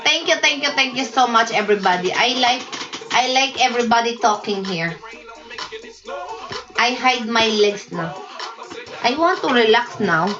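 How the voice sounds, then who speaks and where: A woman's voice: fairly high pitch, normal speed, pauses often, lo-fi sound, music in the background. A woman from the Philippines with a Filipino accent, chatting playfully in simple broken English on a casual livestream and laughing often. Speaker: livestream host. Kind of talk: casual livestream chat reading comments.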